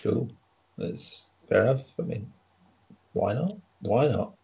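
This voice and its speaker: A man's voice: mid-range voice, lively intonation, slow, creaky, mellow. A man hosting a casual podcast debate, chairing with frequent laughs and hesitant fillers. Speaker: debate host. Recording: muffled lo-fi stream audio.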